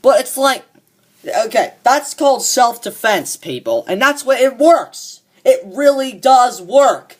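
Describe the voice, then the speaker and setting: At medium pitch and a slow pace, an animated fan performer voices a smug, foul-mouthed young man ranting about a coworker. It's played as a comedic monologue.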